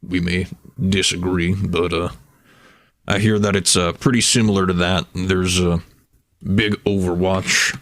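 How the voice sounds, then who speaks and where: A man taking part in a tabletop game, his voice very low and dry with no room sound. He talks casually, with stammering restarts. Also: little pitch movement, a little slow, fairly bright tone, dry recording. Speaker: player. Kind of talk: tabletop role-play.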